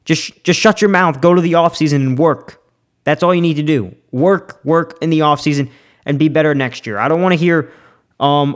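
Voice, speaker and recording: A young man with a slightly higher-than-average voice delivers a heated, opinionated football rant. He talks fast and loose, repeating himself and restarting his sentences as he gets worked up. The delivery is casual podcast talk, not scripted. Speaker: sports podcast host.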